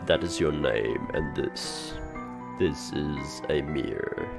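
A man reading the lines of a solemn, cryptic game character, slow and grave, with a dramatic delivery. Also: rumbling low, gravelly, over music, pitched below the performer's own voice.

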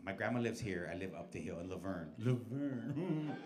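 A man doing a stand-up set in a comedy club, telling stories loudly and profanely with lots of crowd work and put-on voices. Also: lowish voice, normal speed. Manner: loud, profane, animated storytelling with put-on voices. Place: comedy club stage with live audience. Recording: live club recording with crowd noise.

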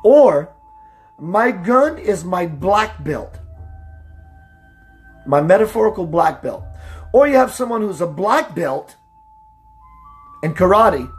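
A man's voice: lively intonation, soft background music. Preachy spiritual talk radio man. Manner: preachy, emphatic, greets listeners by name; slows down for emphasis, voice dips low and quiet. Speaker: radio show host.

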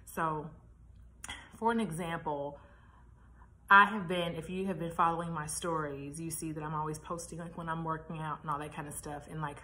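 A woman talking in a chatty, animated way in a casual motivational vlog, laughing at herself now and then. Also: low voice, normal speed. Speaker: vlogger. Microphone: camera mic, reading notes.

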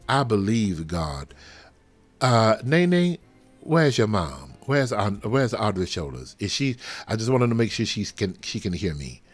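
A man leading a live prophetic prayer over a livestream, fervent and swinging from soft murmurs to loud exclamations. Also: fairly low pitch, sing-song, measured pace, soft background music. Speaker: pastor. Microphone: livestream webcam.

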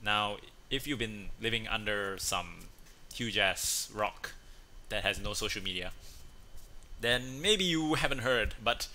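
A man's voice: lowish voice, takes it slowly, pushed and bright. A man hosting a casual chat show, talking in a playful, chatty way and acting out voices as he tells jokes. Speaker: host. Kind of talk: casual chat, telling a joke.

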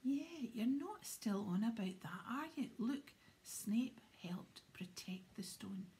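A woman voicing a big, gruff, proud male gamekeeper in a whispered role-play. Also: fairly high pitch, expressive, slow, warm tone.

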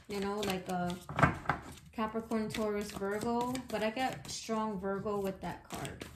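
A woman giving a casual tarot reading in a chatty, slangy way, bluntly outspoken and quick to swear. Her voice sits at a middling pitch. It rings around a reverberant room, and a steady hiss of noise runs behind it. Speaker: tarot reader. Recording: echoey room with background noise.

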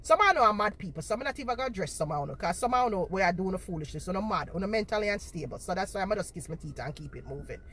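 A woman's voice: mid-range voice, expressive, rapid-fire, hardly any pauses, fairly bright tone, a little hiss or hum. A woman, confronting her viewers on a livestream and repeating herself for emphasis, talking into a phone held in front of her face. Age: 40s.

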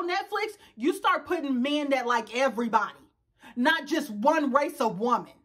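A woman's voice: high-pitched, a bit bright. A woman in her thirties reviewing a reality show in a casual, sassy rant, laughing often and talking straight to her viewers. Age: 30s. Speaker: YouTube reviewer. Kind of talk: casual ranting commentary.

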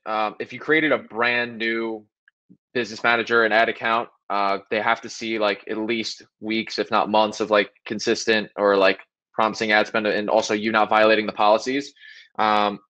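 Low, flat-voiced man host. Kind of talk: casual chat. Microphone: video call. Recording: muffled lo-fi video call audio.

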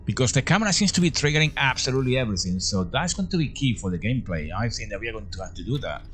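A man's voice: mid-range voice, big pitch swings, rapid-fire, a bit bright, slight background noise. A man commentating as he plays a horror game, jumpy and full of exclamations, often calling out to his viewers. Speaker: horror game let's-player.

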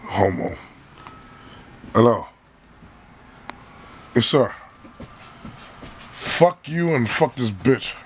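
A man's voice: mid-range voice, lively intonation, drawn-out words, pauses often, slight background noise. An actor playing a crude, cocky male client in a comedy sketch, mocking and profane. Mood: taunting.

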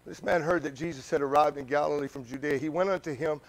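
This sermon comes from a man who addresses his congregation in a chatty way, full of questions, alternating loud urgent outbursts with soft asides. He speaks fast with a voice on the high side.

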